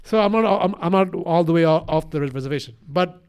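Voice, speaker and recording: A young man with a mixed accent co-hosts a casual podcast chat. His voice sits a little high, and he rambles, swears freely and restarts his sentences as his ideas run ahead of him. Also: fast talker, a little hiss or hum. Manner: rambling, profane, animated, many restarts. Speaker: podcast co-host.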